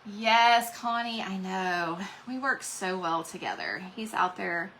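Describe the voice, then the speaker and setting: Woman hosting a live craft stream, bright voice, rambling and chatty, faint noise behind. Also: medium pitch, animated, takes it slowly, rough recording. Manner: rambling, chatty, reads out viewer comments. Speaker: craft livestream host. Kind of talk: casual livestream chat while painting.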